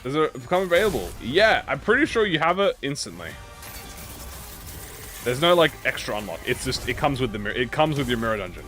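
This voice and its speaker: Male gaming host, mid-pitched voice, animated delivery, casual and profane. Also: a little fast, faint music behind. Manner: playful and excitable, swears freely, talks to the game. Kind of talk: casual gameplay commentary.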